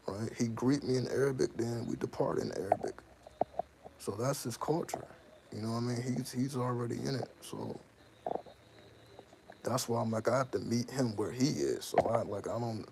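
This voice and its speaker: A man's voice: medium pitch, gravelly, background noise. A man talking casually to the camera about his life, loose and slangy, often repeating himself and asking "you know what I mean". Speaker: channel host. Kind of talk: casual spoken monologue.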